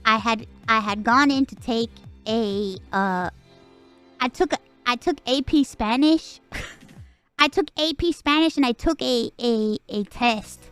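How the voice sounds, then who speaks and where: A woman's voice: fairly high pitch, measured pace, a bit bright, clear, resonant tone, soft background music. A woman from Puerto Rico with a Puerto Rican accent, chatting casually as a streamer, rambling, swearing and laughing a lot. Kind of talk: casual chat.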